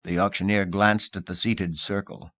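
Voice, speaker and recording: A man reading a novel aloud as an audiobook narrator, in a measured, expressive style. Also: low-pitched, dry recording. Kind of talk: scripted narration.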